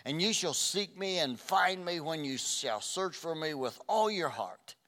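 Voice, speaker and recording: An older man preaching a sermon, earnest, dropping to a hush and then rising loud. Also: on the high side, expressive, unhurried. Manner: earnest, swings from hushed to loud. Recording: reverberant hall.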